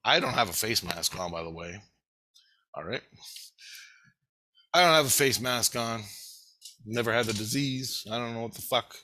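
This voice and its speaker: A man with a bright, sharp voice telling a story to camera. He rambles and swears freely, keeping the retelling lively and loose. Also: medium pitch, moderate pace, long pauses. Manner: rambling, profane, animated retelling. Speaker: vlogger.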